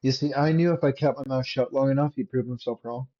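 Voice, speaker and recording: A man's voice: medium pitch, steady tone, fast talker, warm tone, muffled recording. A man running a tabletop game as game master, teasing his players and laughing easily.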